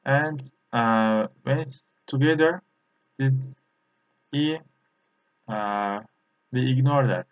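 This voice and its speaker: Over tinny, phone-like lo-fi audio, a male language teacher explains a lesson in a mid-range voice with a Turkish accent, being a native Turkish speaker. His delivery is halting, full of filler pauses and repeated practice syllables.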